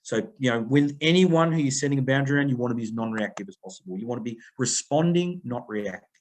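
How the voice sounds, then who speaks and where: Speaking fast in a mid-range voice, a middle-aged Australian man appears as a podcast guest and people-pleasing coach. He tells energetic stories during the conversational interview, playing out the other voices and phone quotes himself.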